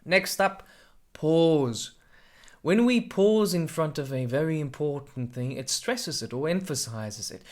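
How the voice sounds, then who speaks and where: An animated male drama adjudicator and mentor presents a scripted tutorial on performance prep. He talks clearly and expressively, using his voice to show how pitch, pausing and volume work.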